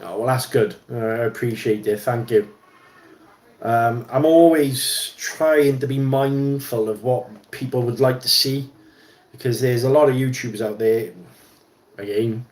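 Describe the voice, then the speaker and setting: A man's voice: medium pitch, fairly even intonation, measured pace, a little mellow, reverberant. A man hosting a casual livestream while fixing an RC car at his bench, rambling with lots of ums and restarts. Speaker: livestream host. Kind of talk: casual chat while wrenching.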